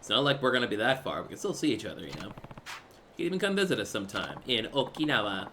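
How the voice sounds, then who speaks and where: A man voicing a calm, stoic middle-aged ex-gangster hero in a game, low and measured. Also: slight background noise.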